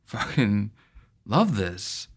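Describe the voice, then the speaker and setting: Sarcastic low-voiced male co-host. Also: sing-song, drawn-out words, husky. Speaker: podcast co-host. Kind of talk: casual comedic chat.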